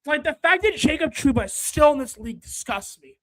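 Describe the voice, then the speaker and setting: A high-voiced stream host talks hockey in casual livestream chat. The talk runs as an exasperated rant that keeps tipping into shouts, with quick apologies to viewers. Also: animated, poor audio. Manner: ranting, exasperated, swings into shouting.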